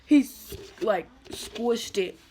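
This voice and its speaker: A young woman vlogger telling a personal story in a somber, halting way, full of "like" fillers and restarts. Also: a little high, expressive, dark tone, slight background noise. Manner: somber, emotional retelling. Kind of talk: storytime vlog.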